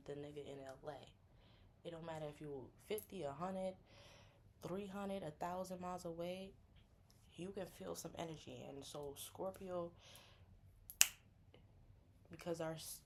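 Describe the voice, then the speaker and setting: A woman chatting casually about astrology, animated and slangy, acting out friends in higher voices. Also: a little hiss or hum. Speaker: astrology content creator. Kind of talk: casual chat.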